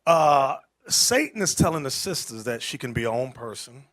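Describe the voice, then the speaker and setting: A man preaching to a group, emphatic, quizzing his listeners and rising into shouts. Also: mid-range voice, animated, normal speed. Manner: emphatic, rising to shouts, asks the crowd questions. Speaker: street preacher.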